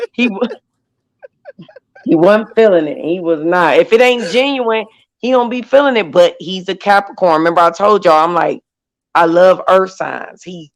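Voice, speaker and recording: Brief: woman in her 40s, panel chat, lively storyteller who acts out quotes. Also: fairly low pitch, unhurried, poor audio. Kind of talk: casual group chat.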